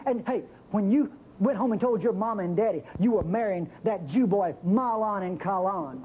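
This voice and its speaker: A man preaching a sermon, acting out the biblical speakers with sudden jumps in pitch. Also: moderate pace, husky. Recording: muffled, faintly noisy old recording.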